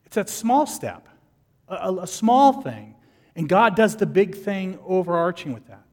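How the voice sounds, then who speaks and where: A man preaching a sermon as pastor, lively and animated, acting out the people in his stories. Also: sits high, measured pace, long reverb tail.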